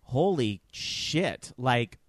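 A man in casual chat, exclamatory and lively, swearing freely. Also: mid-range voice, extremely slow, no room sound.

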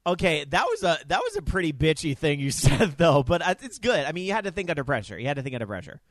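A man's voice: fairly high pitch, wildly swooping pitch, quick pace, dry recording. A man co-hosting a podcast, chatty and campy, with many fillers, in casual chat. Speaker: podcast co-host.

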